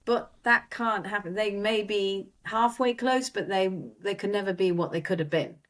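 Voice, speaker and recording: A woman, an actress guest, talking casually in an interview, animated, often laughing and restarting her sentences. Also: mid-range voice, normal speed.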